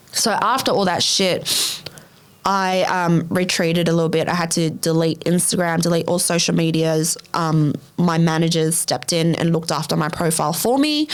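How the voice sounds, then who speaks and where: Young woman, podcast host, candid storytelling, lots of swearing and "like", lowish voice. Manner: blunt and heavy on swearing, with frequent "like" fillers; jumps up sharply in pitch when voicing her own past reactions. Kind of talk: candid storytelling in a casual chat.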